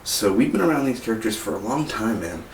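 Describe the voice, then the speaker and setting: A lower-voiced man rambles through a casual movie review, stumbling over restarts and fillers. He sounds distant from the mic in an echoing room. A faint hiss sits behind him. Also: animated, fast talker. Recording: roomy echo, mic far off, faint hiss.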